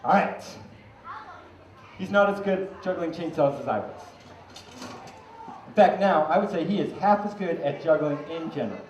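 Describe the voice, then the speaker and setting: A man's voice: a little high, animated, normal speed, long pauses, slight background noise. A man from Maine doing a comedic juggling act for a fair crowd, teasing the audience and mocking himself. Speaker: juggling street performer. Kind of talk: comedic stage patter to a crowd. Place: outdoor fair stage. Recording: roomy, distant, muffled outdoor recording with faint ambience.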